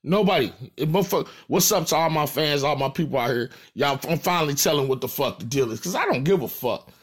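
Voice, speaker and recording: Animated husky-voiced St. Louis man. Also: a little high, fast talker. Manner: animated, profane, repeats points for emphasis. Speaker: rapper. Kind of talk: casual direct-to-camera rant.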